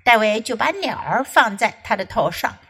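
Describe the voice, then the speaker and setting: A woman's voice: on the high side, moderate pace, breathy edge, low-quality recording. A woman with an American English accent reading a children's story aloud and explaining it like an English teacher. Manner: expressive, lively storyteller.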